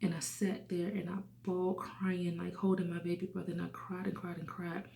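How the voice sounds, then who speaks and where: A woman's voice: on the low side, little pitch movement, brisk, creaky, roomy sound, a little hiss or hum. A woman in her thirties telling a personal testimony in an earnest way, sometimes dropping to a whisper. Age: 30s. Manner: earnest, hushes to a whisper at sad moments. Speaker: testimony speaker.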